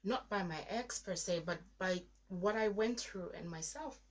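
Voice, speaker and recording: A woman's voice: medium pitch, normal speed. A woman in her thirties sharing a personal story in an interview, getting emotional as she acts out her past prayers. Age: 30s. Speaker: guest.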